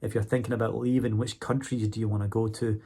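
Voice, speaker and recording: A man's voice: fairly low pitch, little pitch movement, fast talker, mellow, husky. A man talking casually to his viewers in a vlog, chatty, often checking in with "okay?" and "right?". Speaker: vlogger and English teacher.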